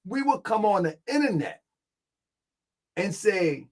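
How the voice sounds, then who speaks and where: High-voiced man hosting indignant commentary. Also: sing-song, slow pace, a little mellow. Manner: indignant, mocking, talks to his viewers. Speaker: channel host. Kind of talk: commentary reacting to a clip.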